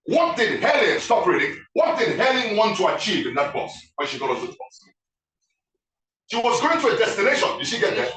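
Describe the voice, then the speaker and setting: Male guest speaker, bright and lively, keeps quizzing the crowd, heard from afar in an echoey room. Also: high voice, fairly quick, far from the mic. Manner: animated, keeps asking the audience questions. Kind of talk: interactive talk to a live audience.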